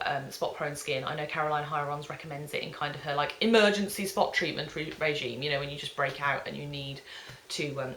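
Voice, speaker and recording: Chatty woman vlogger, bright tone. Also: on the low side. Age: 30s. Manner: chatty, bubbly, lots of ums. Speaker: beauty vlogger. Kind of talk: casual product review chat. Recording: echoey room.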